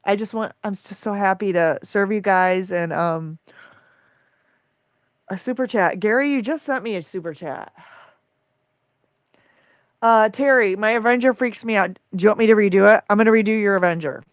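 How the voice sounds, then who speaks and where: A woman's voice: medium pitch, normal speed, long pauses, no room sound, studio quality. A woman hosting a casual livestream, effusively thanking viewers by name as she reads the chat. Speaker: livestream host.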